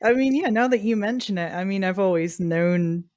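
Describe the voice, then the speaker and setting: A woman's voice: medium pitch, normal speed, a little mellow, no echo, studio quality. A woman guesting on a podcast, chatting casually in a hesitant way, often trailing off. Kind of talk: casual chat.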